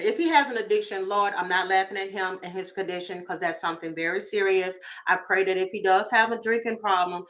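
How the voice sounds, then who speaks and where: A woman's voice: mid-range voice, fairly even intonation, fairly quick, few pauses, fairly bright tone. A woman, giving goofy, chatty celebrity gossip commentary as a tarot reader and calling her viewers y'all.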